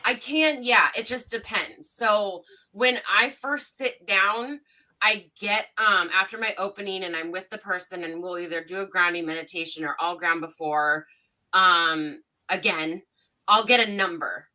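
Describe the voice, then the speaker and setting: A woman's voice: medium pitch, measured pace. A woman psychic medium telling stories casually on a livestream panel, acting out dialogue in a rising voice. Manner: animated, acts out dialogue with rising voice.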